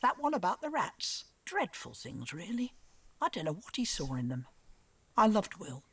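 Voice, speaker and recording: A woman's voice: medium pitch, big pitch swings, moderate pace, fairly bright tone, slightly rough, no echo, full character voice. An actress voicing an older grandmother in a video game, speaking reflectively and with regret about her grandson. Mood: wistful.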